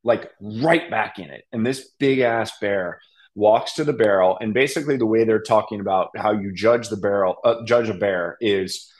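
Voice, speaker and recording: A young man telling a hunting story in a casual podcast chat, animated and laughing, acting out what others said. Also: lowish voice, normal speed. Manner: animated, laughing, acts out quotes. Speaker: podcast guest.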